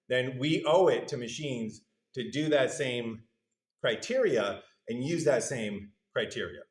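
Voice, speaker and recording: A male university lecturer giving a conversational, good-humored lecture, putting questions to the audience in a lecture hall. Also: mid-range voice.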